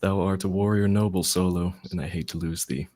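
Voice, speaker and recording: A man reading a grave rebel general, lowish voice. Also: fairly even intonation, a little fast, a little mellow, close to an everyday voice. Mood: solemn. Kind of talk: Shakespearean-style verse reading.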